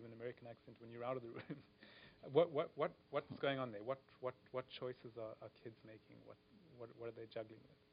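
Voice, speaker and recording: A man posing curious questions at a public discussion, stammering as he restarts his words. The recording is dull and lo-fi with a faint rumble.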